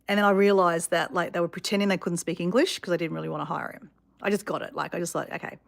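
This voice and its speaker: A woman telling a story to her viewers in a chatty, animated way with many fillers. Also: on the low side, quick pace, vocal fry. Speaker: vlogger.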